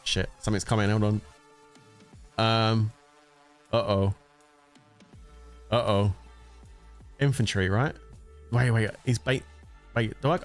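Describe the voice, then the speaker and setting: A man's voice: lowish voice, steady tone, slow, pauses often, soft background music. A man giving casual, jokey commentary while streaming a mobile game. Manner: chatty and jokey, often laughing.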